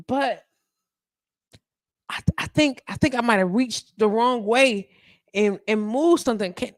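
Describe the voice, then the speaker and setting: A woman hosting a live internet radio show in casual chat. She is sassy and animated, and she acts out the people she talks about in quoted voices. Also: mid-range voice, dry recording, clean studio sound.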